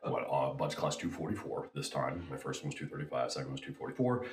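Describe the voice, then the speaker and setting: Very deep-voiced man telling stories. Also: fast talker. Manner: animated storyteller, acts out quotes. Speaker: guest. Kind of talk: casual storytelling.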